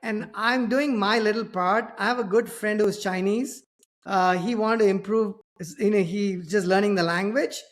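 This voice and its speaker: A man's voice: sits high, steady tone, moderate pace. Chatty Indian-accented male podcast host. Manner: chatty, anecdotal, self-deprecating. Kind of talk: casual conversation.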